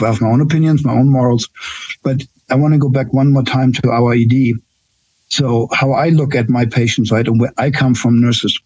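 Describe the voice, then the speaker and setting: A German-accented man in his sixties, a nurse appearing as a guest in a casual interview, tells candid stories and keeps checking in with "right?". His mid-range voice is a little mellow, with no room sound, though the recording quality is low.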